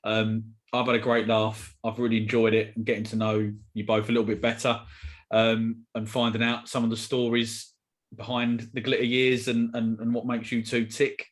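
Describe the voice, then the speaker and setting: A man hosts a podcast in a relaxed, chatty way. His voice sits at an average pitch, and he fills pauses with ums and laughs easily. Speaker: podcast host. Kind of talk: casual interview chat.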